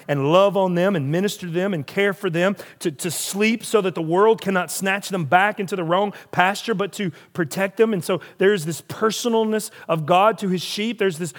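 A man preaching a sermon, building emphasis through repeated phrases and rhetorical questions. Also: sits high. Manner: preaching with rising emphasis and repetition. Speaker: pastor.

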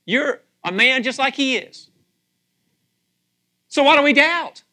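Middle-aged male pastor, bright forceful tone, high pitch, lively sermon delivery with acted-out voices. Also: slow pace. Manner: animated, acts out voices, asks audience questions.

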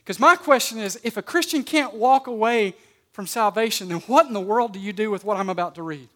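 At a church service, a pastor with a high voice preaches fairly quickly and emphatically, swinging between loud and soft and repeating words as he begins his phrases.

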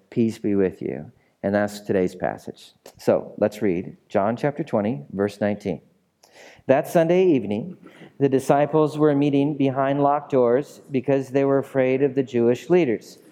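A man preaching a sermon who urges the congregation to respond and swings from loud, dramatic lines to hushed ones. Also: medium pitch. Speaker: pastor.

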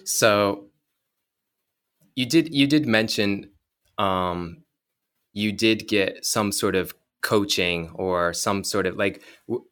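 A man hosting an interview, asking questions in a soft-spoken, hesitant way with many fillers. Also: fairly low pitch, slow pace, pauses often. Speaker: interviewer, podcast host.

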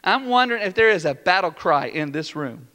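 A high-pitched man preaching with a bright, forceful tone. He is playful and animated, and he acts out prayers and dialogue in a raised voice. His words ring out in a church with long, lingering reverb. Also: brisk. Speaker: pastor. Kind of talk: sermon. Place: church sanctuary.

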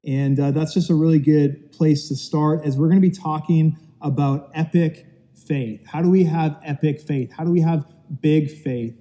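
Male pastor, loose joking delivery, dark mellow tone, long hall reverb. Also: on the high side, steady tone, moderate pace. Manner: chatty, telling dad jokes with self-deprecating asides. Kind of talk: casual sermon to an online audience. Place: empty church auditorium.

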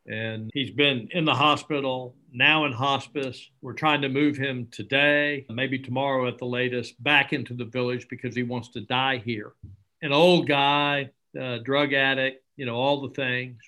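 A middle-aged man, an interview guest who founded a charity, telling stories earnestly and acting out bits of dialogue. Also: mid-range voice. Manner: earnest, animated, acts out dialogue. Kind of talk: conversational storytelling.

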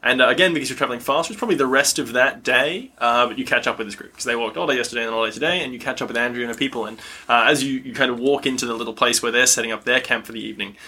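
A man running a tabletop game as game master, narrating in a relaxed, rambling way with fillers. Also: medium pitch, racing, hardly any pauses, husky.

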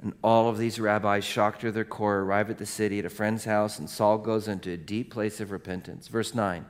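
A middle-aged male pastor preaching a sermon in a lively storytelling way, with casual conversational asides. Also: on the low side, normal speed, hardly any pauses.

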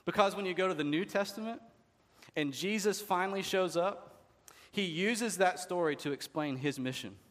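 A pastor whose fairly bright voice sits high preaches a sermon at a moderate pace. He speaks conversationally, putting rhetorical questions to the congregation, and the recording has long hall reverb.

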